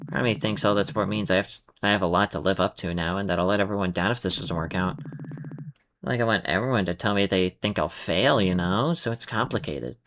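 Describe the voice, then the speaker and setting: A man voicing a shy, insecure young healer who talks softly and hesitantly, with faint music behind. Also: low-pitched, brisk, slight background noise. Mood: anxious. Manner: soft, hesitant, self-doubting.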